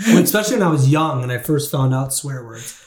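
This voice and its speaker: A man's voice: mid-range voice, lively intonation, fast, a little hiss or hum. A man with a Midwestern accent, chatting casually as a podcast co-host and laughing often. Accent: American Midwest. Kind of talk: casual chat.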